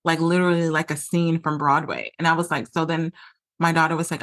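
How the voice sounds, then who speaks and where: A woman's voice: low-pitched, steady tone, a little fast, a bit bright. A woman podcast host telling a personal story in a candid, emotional way, with lots of "like" fillers. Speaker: podcast host and relationship coach.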